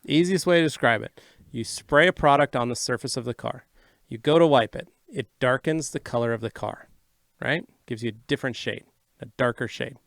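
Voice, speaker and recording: A man co-hosting a casual livestream Q&A, reading out viewer questions and explaining answers briskly and matter-of-factly. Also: medium pitch, creaky, fairly bright tone, no echo, studio quality.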